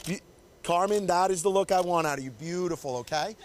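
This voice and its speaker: Male photographer-instructor, high-pitched, encouraging, keeps directing poses on a body mic. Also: brisk. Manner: upbeat, coaxing, directs the couple constantly. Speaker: wedding photographer teaching. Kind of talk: live posing demonstration. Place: confined indoor shooting space.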